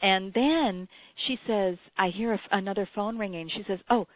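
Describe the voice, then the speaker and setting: A woman co-hosting a talk show, telling an anecdote in a lively way and acting out what people said. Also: medium pitch, normal speed, no echo. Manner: animated storyteller, acts out quotes. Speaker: podcast co-host, former radio interviewer. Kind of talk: casual chat, anecdote. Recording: dry, tinny phone-like sound.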